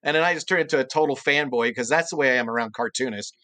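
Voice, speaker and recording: A middle-aged man, a guest voice actor and cartoonist, telling a long anecdote in a podcast interview and leaping into high, exaggerated voices when he quotes people. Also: quick pace, bright, forceful tone, dry recording.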